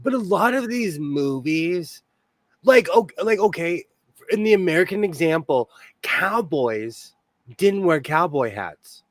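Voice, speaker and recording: Chatty man with a high voice. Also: animated, unhurried, no echo. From California. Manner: rambling, laughs often. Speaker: podcast host. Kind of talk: casual chat.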